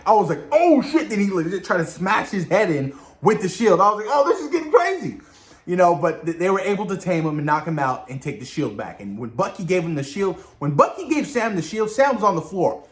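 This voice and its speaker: A man hosting a casual spoiler discussion of a TV episode, talking excitedly in slang straight to his viewers. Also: high-pitched. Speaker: video host reviewing a TV episode.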